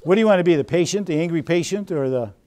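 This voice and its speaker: A man's voice: on the high side, expressive, very fast, dark tone. A man presenting a seminar, quizzing his audience and acting out scenes with them. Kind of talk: interactive seminar teaching.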